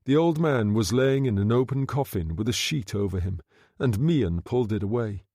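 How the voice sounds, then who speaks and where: A man narrating an audiobook in a steady, measured reading. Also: medium pitch, no room sound, clean studio sound.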